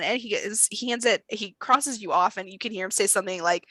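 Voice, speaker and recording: Lady narrating a tabletop game, bright tone, dry, laid-back with lots of ums. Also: mid-range voice, a little fast, hardly any pauses, no room sound, low-quality recording. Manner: relaxed, with many fillers and laughs. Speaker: game master.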